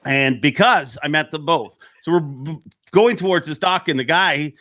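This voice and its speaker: A man chats casually about fishing, his voice sitting fairly high. His tone is bright and forceful, and he rambles through his tales, laughing at his own jokes. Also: moderate pace. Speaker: professional angler telling stories. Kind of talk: casual chat.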